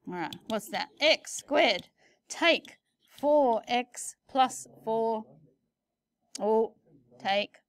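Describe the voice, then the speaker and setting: Playful high-voiced maths teacher. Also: female voice, expressive, very slow, long pauses. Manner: playful, chatty, jokey asides. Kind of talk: recorded maths lesson.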